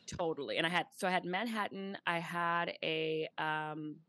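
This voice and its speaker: A woman's voice: lowish voice, normal speed, pushed and bright. A woman co-hosting a podcast in casual chat, telling stories and quoting people in playful voices. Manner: chatty storyteller, quotes others in playful voices. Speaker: podcast co-host.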